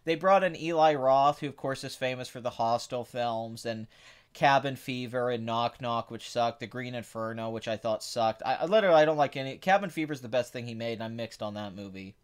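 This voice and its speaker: Casually discussing movies while answering chat questions, a male podcast host comes across as blunt, sarcastic and opinionated, moving between flat and excited tones. He speaks a little fast in a clean, mid-range voice.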